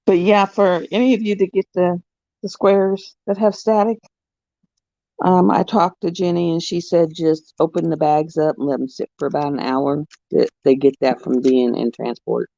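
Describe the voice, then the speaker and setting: A woman chatting casually on her craft vlog as an animated storyteller, recorded at home. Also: lowish voice, moderate pace, creaky, dry recording. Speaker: crafting vlogger. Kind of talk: casual chat. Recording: muffled, dull sound.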